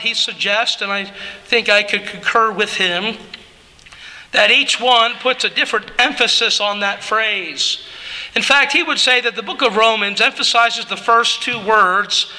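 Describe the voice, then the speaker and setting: A male pastor delivers a sermon with a high, sharp, bright voice. He preaches slowly and emphatically, swelling to shouts and then sinking low. The church sanctuary gives the recording a long, ringing reverb.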